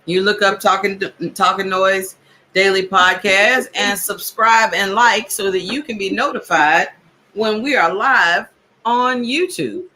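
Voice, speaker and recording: A woman co-hosts a podcast, chatting casually and running through reminders about where to follow the show. She speaks slowly and deliberately, and her voice has a strikingly bright, sharp edge. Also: medium pitch, a little hiss or hum. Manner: unhurried, reading out channel reminders. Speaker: podcast co-host.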